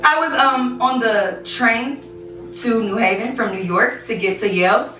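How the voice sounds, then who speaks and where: Solo stage performer: young woman, high voice, lively, playful, recorded from far off in a roomy hall. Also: measured pace. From Kansas City, Missouri. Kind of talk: one-woman stage show storytelling. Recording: roomy live stage, distant mic, music.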